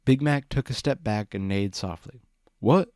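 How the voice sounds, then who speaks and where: A man reading a fan fiction story aloud, with steady narration. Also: lowish voice, moderate pace, no echo, studio quality. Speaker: reader.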